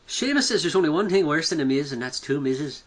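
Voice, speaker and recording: A man's voice: fairly high pitch, animated, fast, voice pushed up, lightly acted. Brash Irish brawler, boastful and punchy, put on by a man in an Irish accent.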